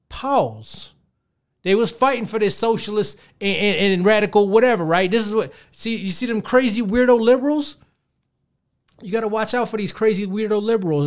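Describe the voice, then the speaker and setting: Podcast host, man, thirties, high register, casual profane rant delivered straight to listeners. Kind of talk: casual ranting commentary.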